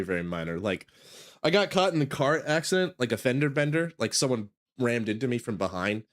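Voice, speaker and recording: A man's voice: mid-range voice, fairly bright tone. A young man casually narrating a game playthrough, rambling and leaning on filler words. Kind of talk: casual storytime commentary.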